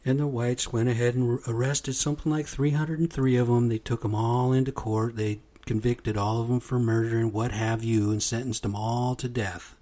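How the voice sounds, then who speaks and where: A man's voice: mid-range voice, little pitch movement, moderate pace, few pauses, dark tone. A man giving a blunt, profane, indignant monologue as a commentator. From United States. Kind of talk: angry monologue.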